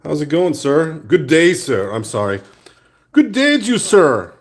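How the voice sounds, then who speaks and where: A jovial, hammy greeter , as a man puts him on, booms out his hellos in a thick mock Irish accent. The voice jumps well above his usual low register and gets louder too. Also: huge pitch swings, a little slow, exaggerated voice.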